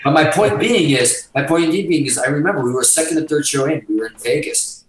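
A man's voice: on the high side, fast, roomy sound, a little hiss or hum, low-quality recording. A man telling a rambling road story as a guest in a casual interview, swearing constantly and jumping between thoughts. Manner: animated, profane, rambling. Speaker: guitarist guest.

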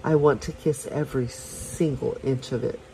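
A woman voicing a confident, seductive adult male lover in a soft, murmuring way, reading him from a romance story. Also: a bass voice, steady tone, moderate pace, a little hiss or hum, poor audio.

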